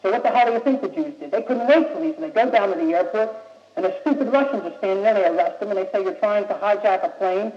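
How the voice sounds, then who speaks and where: A man's voice: sits high, animated, racing. A young man from the United States giving an impassioned, blunt, streetwise speech to a young audience, pressing his points insistently. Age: young adult. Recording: old muffled recording in an echoey room.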